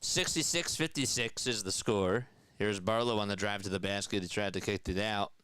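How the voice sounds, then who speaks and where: A man's voice: fairly low pitch, normal speed, fairly bright tone, clean tone, dry recording, rough recording. A young man giving casual radio-style basketball play-by-play, chatting with his viewers between plays. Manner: casual, chatty, reads viewer comments aloud. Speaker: play-by-play announcer.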